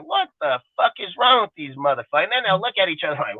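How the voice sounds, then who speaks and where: A man's voice: high voice, animated, quick pace, hardly any pauses, no echo. A man in his forties ranting heatedly about football in a crude, rambling way, swearing constantly. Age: 40s. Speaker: podcast co-host. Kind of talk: profane sports talk rant. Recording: tinny phone-like audio, dry.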